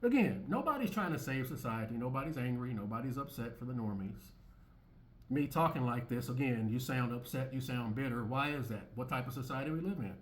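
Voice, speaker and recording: Male channel host, blunt profane monologue, keeps restarting and repeating himself, mid-pitched voice. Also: lively intonation, a little fast. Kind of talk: opinionated monologue over clips.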